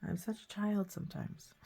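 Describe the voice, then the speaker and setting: A woman with a cold and a hoarse throat, chatting casually while she shows a painting craft. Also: mid-range voice, dark tone. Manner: chatty, rambling, self-deprecating. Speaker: craft vlogger. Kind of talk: casual painting tutorial chat.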